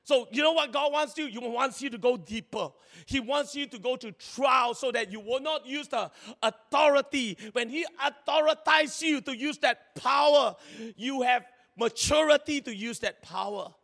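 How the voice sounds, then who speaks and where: A man preaching a sermon in a lively, chatty way, laughing often and acting out little scenes. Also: very high voice, moderate pace, gravelly. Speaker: pastor. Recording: long hall reverb.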